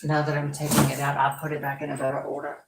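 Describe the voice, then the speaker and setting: Sorting supplies in a home room full of stored boxes, a doll restoration vlogger chats fast and ramblingly on a live stream, often exclaiming. Her voice sits low, monotone and creaky, in an echoey room with very noisy sound.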